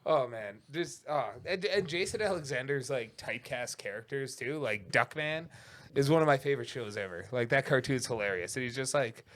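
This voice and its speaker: A man co-hosting a podcast in casual chat, crude and quick to laugh. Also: medium pitch. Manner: crude, animated, laughs often. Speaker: podcast co-host.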